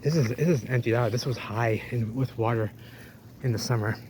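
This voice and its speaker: A man narrating as he walks through an old drained canal, talking excitedly to the camera. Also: mid-range voice, brisk. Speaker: urban explorer vlogger. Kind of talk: handheld walking commentary. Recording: noisy outdoor ambience.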